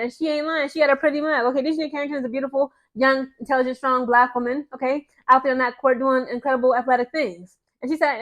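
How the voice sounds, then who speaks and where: A woman's voice: sits high, quick pace, few pauses, fairly bright tone. A woman ranting in casual sports commentary to her viewers, sarcastic and exasperated. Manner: mocks others in put-on voices.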